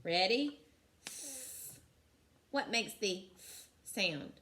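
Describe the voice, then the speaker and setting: A woman teaches young children to read, sounding out each letter with slow, clear care. She praises often in a bright, lively tone. Her pace stays unhurried throughout. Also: mid-range voice. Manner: encouraging. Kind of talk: recorded phonics lesson for young children.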